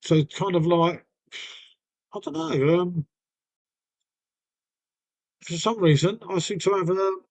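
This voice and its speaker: A man's voice: high-pitched, slow pace, pauses often. Chatty man rambling on stream. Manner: rambling, chatty, says mate often. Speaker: live streamer. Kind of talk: casual live stream chat.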